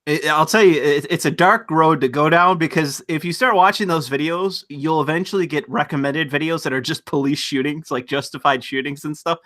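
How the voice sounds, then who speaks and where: Bright-voiced man chatting animatedly. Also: fairly quick, few pauses. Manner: animated, profane, mimics people in high voices. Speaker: streamer host. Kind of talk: casual chat.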